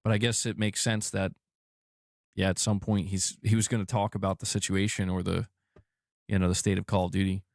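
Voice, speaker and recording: A man's voice: low-pitched, flat delivery, brisk, vocal fry, no room sound, clean studio sound. A man talking casually on a livestream, joking and ribbing his chat. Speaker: streamer shown in a clip.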